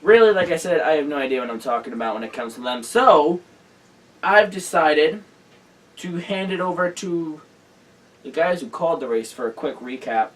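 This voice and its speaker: A tired man hosting a casual racing news roundup, hurried and rambling, correcting himself as he goes. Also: on the high side, expressive, distant mic, rough recording. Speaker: host.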